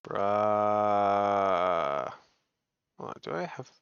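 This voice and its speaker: A man's voice: medium pitch, expressive, moderate pace, a bit bright, no echo, highs cut off. A man streaming a video game, chatting casually and rambling, with lots of fillers and self-corrections. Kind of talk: casual gameplay chat, reading quest text aloud.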